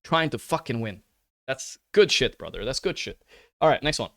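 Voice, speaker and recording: A man's voice: mid-range voice, sing-song, normal speed, gravelly, no room sound. A man streaming live and ranting to his chat. He swears often, keeps asking "right?" and calls his listeners brother in an earnest, pleading way.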